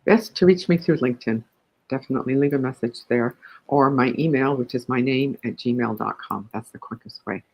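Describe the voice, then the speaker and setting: A woman guest on a talk show, speaking in a husky voice. She tells an anecdote and a joke with animated delivery. Her voice carries a breathy rasp. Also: rumbling low, brisk, poor audio. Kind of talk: interview conversation.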